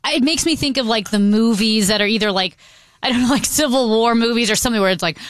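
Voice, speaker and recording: Woman, radio co-host, casual banter, giggly, higher voice, dry sound. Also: fast, no room sound.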